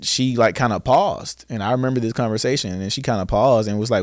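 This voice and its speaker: A man's voice: fairly low pitch, fairly quick, no room sound, studio quality. Earnest young Southern man telling his story. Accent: Southern American. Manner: earnest, animated storyteller who acts out his own past questions. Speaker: guest, founder of a boys' school. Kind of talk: storytelling in a podcast interview.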